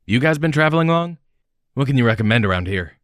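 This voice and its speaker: A man's voice: mid-range voice, expressive, fast talker, fairly bright tone, no echo, clean studio sound, voice pushed up, lightly acted. Man as a hungry, casual young guy. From American Midwest. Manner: casual, eager.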